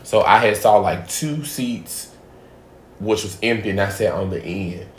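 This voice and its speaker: A man's voice: lowish voice, a little slow. Profane storytelling man in an echoey room. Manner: profane, animated storyteller, drops to a hush for asides. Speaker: podcast host. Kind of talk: casual storytelling chat.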